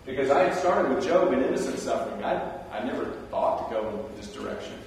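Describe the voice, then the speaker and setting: A man's voice: medium pitch, fast talker. Guy preaching, chatty storytelling sermon, big echoey church, mic kinda far off. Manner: conversational storytelling, animated asides. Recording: roomy hall, distant mic.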